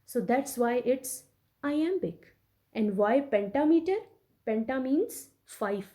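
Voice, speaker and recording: A woman teacher giving a recorded English literature lecture to her students, explaining slowly and repeating each point with frequent check-ins. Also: mid-range voice, warm tone. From Pakistan. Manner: slow, repetitive explaining with many check-ins.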